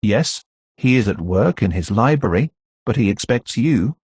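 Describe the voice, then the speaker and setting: A man's voice: on the low side, animated, normal speed, darkish tone, breathy edge, no echo. A man voicing a curt male valet.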